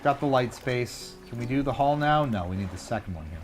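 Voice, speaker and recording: During a game stream with soft background music, a man talks a little fast in a mid-range voice. His casual live commentary is animated and jokey, full of self-mocking remarks about his mistakes as he talks to himself.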